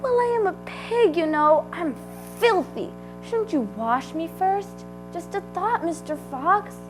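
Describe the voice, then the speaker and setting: Girl reading as a tiny sly piglet, super high squeaky pleading, slow and drawn out, storybook voice. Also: animated, faint music behind. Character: small clever male piglet, pleading and sly.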